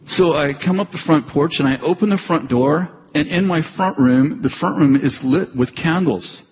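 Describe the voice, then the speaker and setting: Brief: older male preacher, earnest storytelling, slightly high voice, long hall reverb. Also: a little mellow. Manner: earnest, halting, with many restarts and repeats. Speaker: pastor. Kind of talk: sermon storytelling. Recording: long reverb, faint noise.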